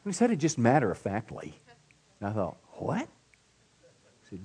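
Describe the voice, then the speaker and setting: Preaching at a church service, this middle-aged pastor has a husky, medium-pitched voice with huge swings in pitch, moving at normal speed. He delivers emphatically with "come on" call-outs and shifts into hushed storytelling.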